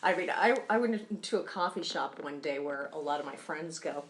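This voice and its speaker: A woman's voice: sits low, lively intonation, brisk, a little hiss or hum. A woman co-hosting a podcast, bubbly and blunt, laughing easily and swearing casually. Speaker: podcast co-host. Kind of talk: casual chat.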